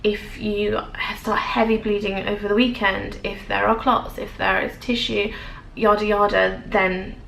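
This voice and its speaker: A young woman with an English accent shares a personal story in a vlog, her voice carrying a gravelly fry. She hesitates and restarts often, speaking with open emotion. The room sounds echoey, with a faint hiss of noise behind her. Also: mid-range voice, little pitch movement, unhurried, fairly bright tone. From England. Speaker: vlogger.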